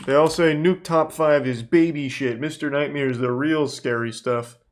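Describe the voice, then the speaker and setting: A man's voice: a little high, moderate pace, slight background noise. Profane man riffing on videos. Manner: profane, animated storytelling. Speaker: host reacting to videos. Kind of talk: casual reaction commentary.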